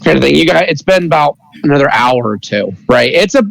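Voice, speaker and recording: High-voiced man running a tabletop game. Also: animated, a little fast, gravelly, a bit bright, no room sound, rough recording. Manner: rambling, many fillers and restarts. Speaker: game master.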